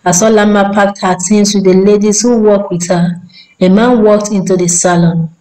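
A woman narrating a folk tale in a steady, measured storytelling manner. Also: medium pitch, low-quality recording.

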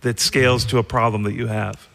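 A man in the middle of the usual pitch range co-hosts a podcast. He chats easily and adds his own memories to the guest's stories, in a relaxed, conversational way. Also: brisk, creaky, in a large hall. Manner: chatty, builds on the guest's stories. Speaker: podcast co-host. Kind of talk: casual interview chat.

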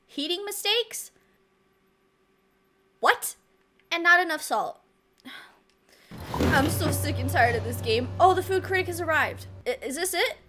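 A woman's voice: sits high, lively intonation, normal speed, a bit bright, slight background noise. A woman giving casual gameplay commentary, flustered and self-mocking, laughing often. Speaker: let's play gamer.

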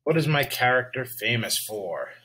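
Husky man teaching a class. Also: mid-range voice, very animated, bright, forceful tone, low-quality recording. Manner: slow, checks in with "all right?". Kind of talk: classroom lesson video.

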